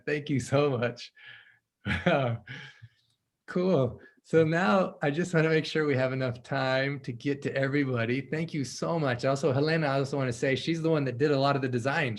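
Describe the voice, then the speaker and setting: A man hosting a video call with translators, talking in an effusive, upbeat way and laughing often. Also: medium pitch. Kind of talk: casual video call chat.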